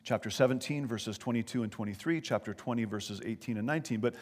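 A man's voice: medium pitch, fast, a little mellow. Earnest male pastor in reverberant hall. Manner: earnest storytelling with emphatic rises. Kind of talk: sermon.

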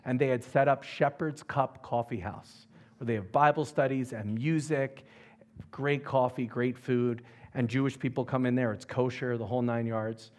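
Guy evangelist telling his testimony story, animated, acts out the quotes, normal middle pitch. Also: normal speed.

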